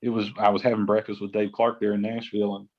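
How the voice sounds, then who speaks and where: Low-voiced man on muffled podcast audio. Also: monotone, quick pace. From West Virginia. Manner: rambling, restarts often, says "like" a lot. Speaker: gospel music artist, podcast guest. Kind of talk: casual interview chat.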